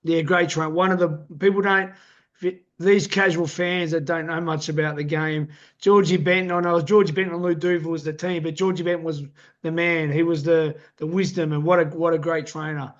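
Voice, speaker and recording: Host guy, kind of hesitant, lots of ums and yeahs, slightly high voice, dull audio. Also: level tone, fairly quick. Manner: hesitant, agreeable, many fillers. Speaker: interview host. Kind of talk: casual interview. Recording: muffled lo-fi audio.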